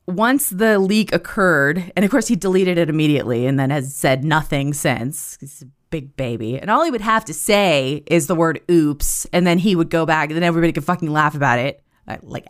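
A woman hosting a casual monologue, telling a story in an animated, profane way and laughing as she goes. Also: low-pitched.

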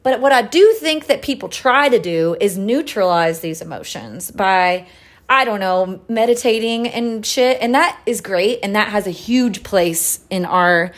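A young woman hosting a casual podcast, talking candidly with lots of swearing, fillers and laughs. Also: mid-range voice. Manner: profane, loose and candid; chatty with frequent fillers and laughs. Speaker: podcast host. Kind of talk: casual chat.

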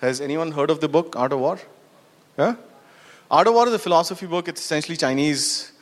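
Speaking a little high and fairly quickly, a man delivers a storytelling talk at a conference. Questions to the audience and plenty of "you know" and "right" fill his speech, which echoes with long hall reverb.

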